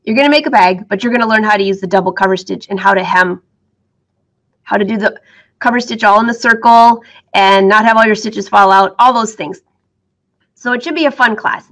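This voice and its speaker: Battling a case of the hiccups, this middle-aged woman who teaches sewing talks fairly quickly in a medium-pitched, slightly bright voice. It's a cheerful, casual chat with her viewers, punctuated by frequent laughter.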